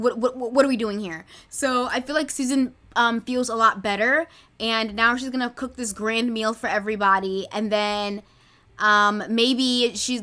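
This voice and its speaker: A woman's voice: a little high, sharp tone. A young woman from the United States casually narrating a life-simulation game story, chatting and slipping into quoted lines for her characters. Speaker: Sims let's play creator.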